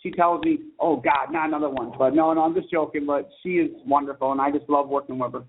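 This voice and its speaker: Here a children's book author speaks in a slightly high, flat voice during a relaxed phone interview. The line sounds tinny with a faint hiss, and he rambles on quickly, eager to share his stories.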